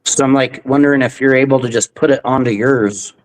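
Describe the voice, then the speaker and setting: A man's voice: mid-range voice, steady tone, fairly quick, rough recording. Rambling profane young male streamer. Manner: rambling, profane, hesitant restarts. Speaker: stream host. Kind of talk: casual livestream chat.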